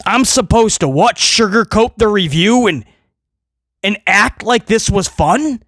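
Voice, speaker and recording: A man hosting a wrestling review, ranting sarcastically and swinging between loud mocking outbursts and low muttering. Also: animated, a little slow, no echo, studio quality. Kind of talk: opinionated review rant.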